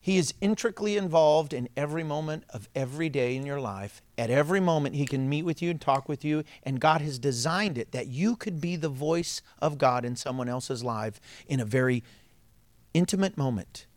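Animated male pastor preaching. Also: fairly high pitch, a little fast, no room sound. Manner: animated storytelling with laughs and sudden drops to a hush. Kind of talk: sermon.

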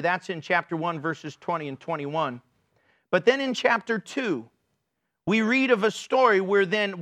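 A middle-aged man preaching a sermon, telling stories in an animated way and acting out the people in them. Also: high voice. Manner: animated storytelling with playful acted-out quotes. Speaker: pastor.

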